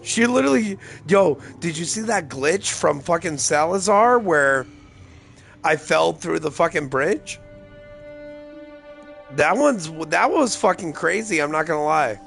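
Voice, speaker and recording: A man's voice: a little high, expressive, unhurried, gravelly, a bit bright, soft background music. Tipsy, rambling male gaming streamer. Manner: rambling, profane, loose. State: tipsy, slightly slurring. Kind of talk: casual gameplay commentary.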